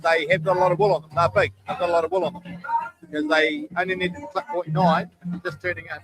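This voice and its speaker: A man's voice: a little high, low-quality recording. A middle-aged man giving live, chatty sports commentary, tired after a long day and calling out running tallies. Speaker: shearing commentator. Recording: clear music behind the voice.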